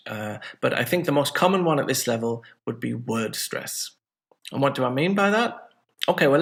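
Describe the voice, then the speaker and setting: A man's voice: medium pitch, creaky, fairly bright tone. A man teaching an English lesson in a chatty, friendly way, with joking asides. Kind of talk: casual video lesson.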